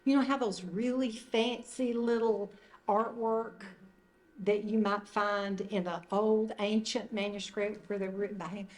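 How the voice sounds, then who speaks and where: A woman's voice: mid-range voice, steady tone, measured pace. An older woman leading a retreat group, giving an informal, conversational teaching talk indoors in a meeting room. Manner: conversational, loosely phrased, gentle. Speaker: retreat leader.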